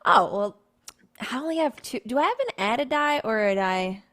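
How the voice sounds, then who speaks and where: A woman's voice: fairly high pitch, expressive, moderate pace, a bit bright, no room sound. A woman playing a tabletop horror game, giggly and unsure about her rolls. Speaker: player.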